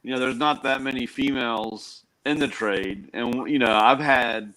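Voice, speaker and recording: A man with a mid-range voice, chatting in a low-key, conversational way. He sounds relaxed and unhurried as he tells his story. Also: rough recording. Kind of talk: casual chat.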